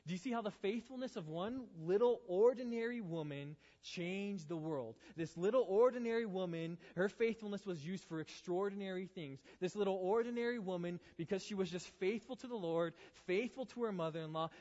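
A man's voice: high voice, brisk, hardly any pauses, a little mellow. A man preaching a youth sermon, earnest and urging, asking his listeners question after question. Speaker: youth pastor. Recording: dull sound with long hall reverb.

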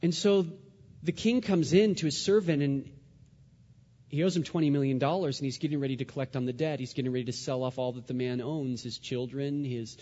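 Man preaching with dramatic loud-soft swings. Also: medium pitch, fairly even intonation, fairly quick, in a large hall, lo-fi sound. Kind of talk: sermon.

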